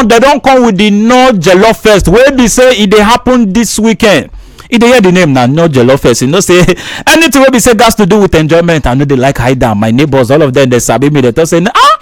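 Lively high-voiced man in Nigerian Pidgin. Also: no room sound. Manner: animated storytelling, acts out quoted neighbors. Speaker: event promoter. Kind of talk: promotional skit.

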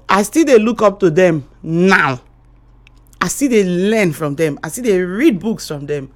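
A woman with a Nigerian accent hosting a morning radio show, giving motivational talk in a preachy way and calling her listeners darling and sweetheart. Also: on the low side. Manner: rhythmic repetition, swings between loud and quiet.

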